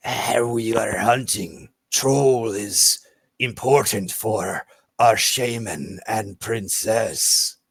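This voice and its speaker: A man voicing a slow, solemn lizardfolk hunter. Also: lowish voice, husky, dry recording, exaggerated voice. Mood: formal. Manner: slow, grave, measured speech.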